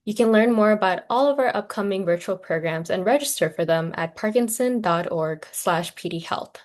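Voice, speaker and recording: Female webinar host, mid-pitched, friendly read-through of announcements. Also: moderate pace. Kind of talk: scripted program introduction. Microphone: video call.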